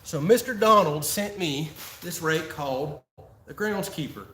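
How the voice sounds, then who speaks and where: A man's voice: fairly high pitch, expressive, measured pace, bright, forceful tone, slight background noise. A man from Florida, hosting a casual live-stream Q&A and chatting in a folksy way with frequent laughs. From Florida, USA. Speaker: channel host answering live chat. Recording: roomy echo.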